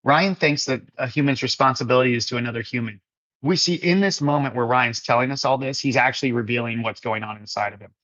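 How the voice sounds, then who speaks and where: A man's voice: medium pitch, fast talker, fairly bright tone, no room sound, highs cut off. Earnest man reading live chat comments. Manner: earnest, encouraging, calls viewers man and brother. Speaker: livestream fellowship host.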